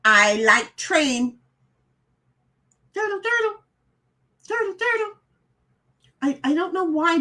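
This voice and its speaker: A middle-aged woman with a fairly high voice hosts a relaxed live stream. She reads chat messages out loud and riffs on them, often stumbling and restarting her sentences in a chatty way. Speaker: streamer host reading chat.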